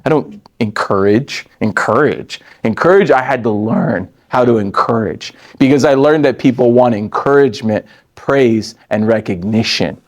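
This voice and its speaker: A man in his forties running a live training session for a sales team, animated and joking, laughing often and talking straight to the room. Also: medium pitch, moderate pace, few pauses. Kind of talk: live training talk to an audience.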